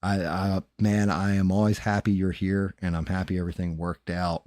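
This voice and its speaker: Low-voiced man rambling on a late-night stream. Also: flat delivery, moderate pace, a little mellow, no room sound, studio quality. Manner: loose and rambling, swears often, thanks viewers by name. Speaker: livestream host. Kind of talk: late-night casual livestream chat.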